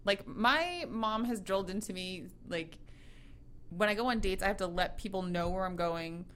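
Young woman, casual chatty guest, laughs easily, mid-pitched. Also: moderate pace, a bit bright. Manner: giggly, chatty, lots of likes and ums. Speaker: guest on a chat show. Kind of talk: casual group chat.

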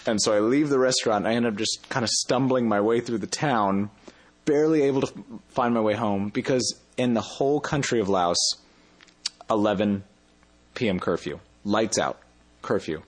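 Low-voiced man telling a rambling story. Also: normal speed, breathy edge. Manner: rambling, self-correcting. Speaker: interview guest. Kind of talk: casual storytelling.

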